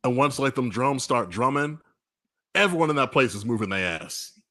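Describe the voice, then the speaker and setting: A man in casual podcast chat, animated and profane, dropping into loud bursts as he tells a story. His voice sits in a middle register, recorded dry and close with no room sound. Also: mid-range voice, moderate pace, no room sound. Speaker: podcast co-host. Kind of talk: casual music review chat.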